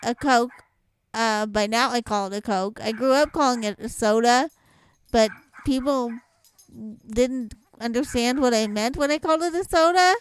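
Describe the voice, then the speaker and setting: A woman's voice: fairly high pitch, moderate pace, smooth. A young woman with a light Southwest Louisiana accent, chatting casually at home in an accent challenge vlog, rambling and laughing lightly. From southwest Louisiana, born in Michigan. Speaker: vlogger.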